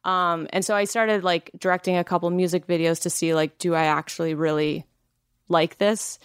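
A woman's voice: fairly low pitch, little pitch movement, moderate pace, smooth, no echo, studio quality. A woman in her thirties, from Canada, talking candidly as a podcast guest, laughing often and using many filler "like"s. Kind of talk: casual interview chat.

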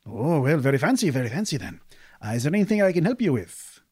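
A man's voice: on the high side, very animated, fast talker, a little mellow, slightly rough, dry recording, pitched above the performer's own voice. A man voicing an eager male water seller who greets travelers in the desert.

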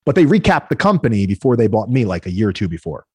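A man speaking fast and with a husky, slightly rough voice as a podcast guest, telling his business stories in a lively way. He acts out the people in his stories as he goes. The sound is dry and close, with almost no room. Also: on the low side, dry recording. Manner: fast, animated storytelling, acting out quoted people. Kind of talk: casual storytelling interview.

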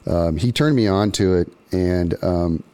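A man's voice: low-pitched, measured pace, warm tone, clear, resonant tone. A man hosting a podcast, casually retelling a story from a book with many ums and restarts. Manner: loose, lots of ums and restarts. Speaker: podcast host.

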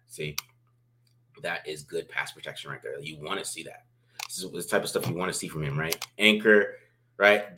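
Deep-voiced man breaking down game film. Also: bright, forceful tone, a little hiss or hum. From family from Baltimore. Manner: rambling, many restarts and "right?" tags. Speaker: football film analyst.

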